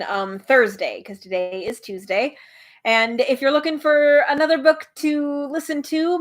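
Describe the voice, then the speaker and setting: A woman hosting a live read-aloud, narrating a storybook with animation and chatting casually with viewers; her voice is a little tired. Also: a little high. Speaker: host reading a book aloud.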